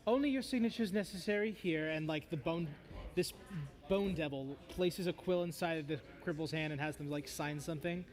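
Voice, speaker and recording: A man's voice: a little high, steady tone, normal speed. A man running a tabletop game as game master, narrating loosely with many fillers.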